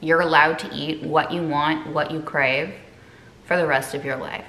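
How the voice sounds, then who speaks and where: She has a slightly low voice and a casual, encouraging way of talking to her viewers. The faint hiss of a home recording sits behind her. She is a young woman cooking in her kitchen. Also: steady tone, moderate pace, fairly bright tone, roomy sound. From Quebec, Canada. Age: 20s. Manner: upbeat, encouraging, playful asides. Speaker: eating disorder recovery coach and vlogger. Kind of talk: casual cooking vlog talk to camera.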